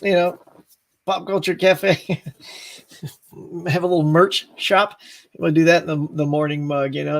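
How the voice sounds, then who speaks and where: A man's voice: a little high, level tone, moderate pace, creaky, long pauses. A man hosting a live stream show, chatting casually, reading viewer comments, laughing often and going off on tangents.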